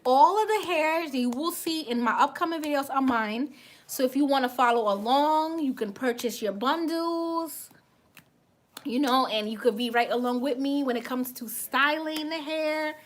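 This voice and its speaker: A woman's voice: high-pitched, moderate pace. A woman with a light West Indian accent, chatting casually on a makeup livestream, thanking viewers and tripping over her words now and then. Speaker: beauty vlogger on a livestream.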